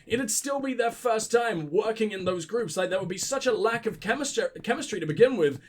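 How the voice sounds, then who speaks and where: High-voiced sniffly gaming commentator. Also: male voice, animated, brisk. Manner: profane, rambling, joking. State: sick with sniffles. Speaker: let's play host. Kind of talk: gameplay commentary.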